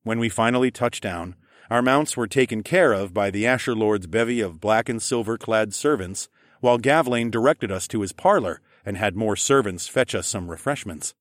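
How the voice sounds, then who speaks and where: A man narrating a fantasy audiobook in the first person, expressive and wry. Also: lowish voice, normal speed, no echo, studio quality.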